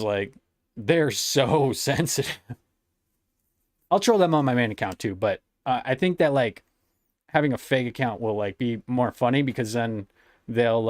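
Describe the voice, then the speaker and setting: A man talks over his stream in a relaxed, mocking way, laughing at his own jokes and swearing freely. His voice sits at an ordinary middle pitch. The sound is dry and close to the mic. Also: dry recording. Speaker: streamer reacting to clips. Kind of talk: casual live-stream commentary.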